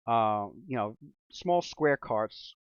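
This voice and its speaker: Slow, halting male game master. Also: mid-range voice, lively intonation, clean tone, dry recording, muffled recording. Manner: halting, with many fillers. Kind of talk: narrating a tabletop game.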